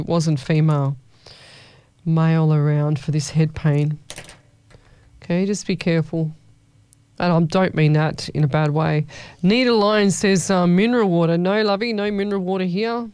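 Brief: woman, radio host, smooth, clear voice, dry studio sound, easygoing chatter with listeners. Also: lowish voice, no echo. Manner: chatty, warm-hearted, calls listeners "lovey". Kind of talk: casual call-in radio chat. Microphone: studio microphone.

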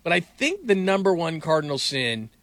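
Animated man, bright dry sports talk. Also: fairly high pitch, normal speed, dry recording. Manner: animated, incredulous, rambling with restarts.

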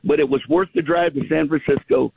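A middle-aged caller from California with a slight Southern accent phones in to a radio show and tells a rambling, enthusiastic story. His voice is a little high, creaky and slightly rough, with fairly even intonation and a slightly fast pace. The recording is dry and comes through a tinny phone line.

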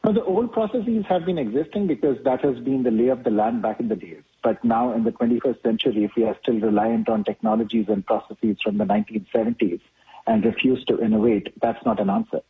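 A man being interviewed as a company executive, explaining in a measured way. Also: mid-range voice, breathy edge. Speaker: chief operating officer, guest. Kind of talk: interview answers. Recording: tinny phone-like line.

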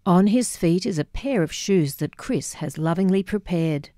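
A woman narrating her own memoir as an audiobook, measured and wry. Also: lowish voice, animated, warm tone, dry recording, clean studio sound.

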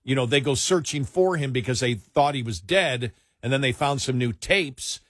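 A man's voice: mid-range voice, normal speed, a bit bright, no room sound, clean studio sound. A man hosting a casual talk show, rambling and correcting himself before building to emphatic points.

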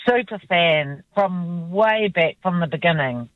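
A woman's voice: fairly low pitch, animated, unhurried, no room sound, phone-quality sound. A woman calling in to a radio show, chatting in an eager, hesitant way with some stumbles. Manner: hesitant, enthusiastic. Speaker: radio caller. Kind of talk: casual phone-in chat. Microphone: phone line.

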